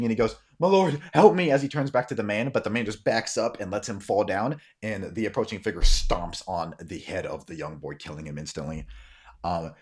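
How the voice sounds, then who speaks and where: A man's voice: lowish voice, a little mellow. A man narrating as game master in a tabletop role-playing game, telling the scene loosely with many ums and sniffs.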